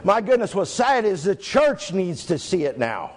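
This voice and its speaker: A male pastor preaching a sermon to his church, reading scripture slowly and stressing single words. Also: high voice, sing-song, a little hiss or hum. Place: church sanctuary. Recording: echoey church hall.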